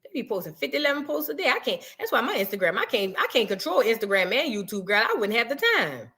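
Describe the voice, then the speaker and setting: A woman's voice: on the high side, sing-song, fast, sharp tone. A woman hosting a blunt, profane reaction commentary, full of mocking impressions. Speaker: commentary host.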